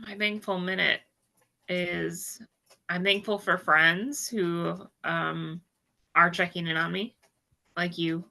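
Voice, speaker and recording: A woman's voice: lowish voice, fairly even intonation, slow, gravelly, long pauses, sharp tone, low-quality recording. A woman co-hosting a casual chat podcast, candid and chatty, laughing easily. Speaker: podcast co-host.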